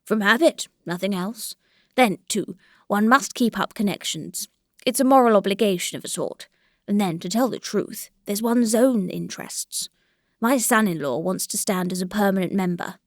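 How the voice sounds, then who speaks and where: Reading the part of an old country landowner with grey whiskers, a woman speaks in a measured, reflective, mildly complaining manner. Her medium-pitched voice sounds close to an everyday voice, and the recording is dry.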